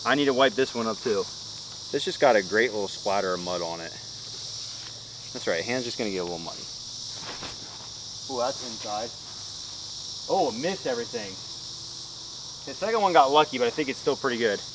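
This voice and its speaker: A man's voice: mid-range voice, lively intonation, fairly quick, pauses often, very noisy. A man talking casually as he plays a disc golf course outdoors, chatty, upbeat and self-deprecating, explaining each shot. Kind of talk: casual play-by-play commentary while playing.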